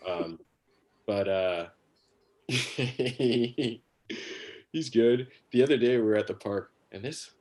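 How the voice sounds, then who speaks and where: A man's voice: medium pitch, slow, pauses often, a little mellow. A man doing a rambling, crude stand-up set on a livestream, full of fillers and restarts. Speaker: stand-up comedian.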